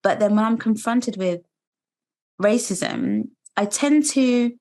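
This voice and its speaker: A British woman in her thirties, a guest telling her own story in an earnest, measured, reflective way. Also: mid-range voice, big pitch swings, a little mellow. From United Kingdom. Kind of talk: personal testimony interview.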